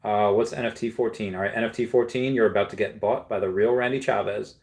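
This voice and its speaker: A man's voice: lowish voice, steady tone, fast talker, a little mellow. A man hosting a casual livestream, rambling with many restarts and reading viewer comments aloud before reacting to them. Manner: rambling, with frequent restarts and fillers. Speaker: livestream host.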